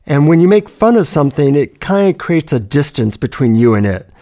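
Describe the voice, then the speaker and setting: A man's voice: fairly high pitch, sing-song, fairly quick, mellow. A man giving a reflective self-help talk, telling personal stories about handling negative thoughts.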